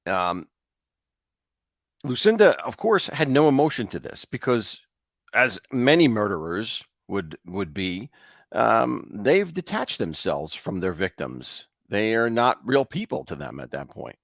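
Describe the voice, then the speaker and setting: A man co-hosting a show, casually retelling a ghost story in a loose, halting way. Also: lowish voice, sing-song, creaky, dry recording, studio quality. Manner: loose, with fillers and restarts. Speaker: co-host.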